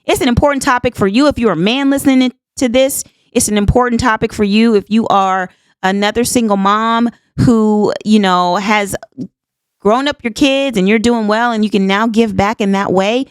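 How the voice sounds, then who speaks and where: A woman's voice: fairly high pitch, expressive, moderate pace, smooth, no echo. Earnest, emphatic woman in her fifties. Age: 50s. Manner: folksy, says "honey child" and "y'all". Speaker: podcast host. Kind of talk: casual monologue.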